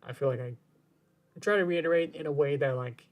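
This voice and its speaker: A man's voice: fairly high pitch, brisk. A man game streamer talking casually on his stream, rambling and circling back, often repeating his words as he goes.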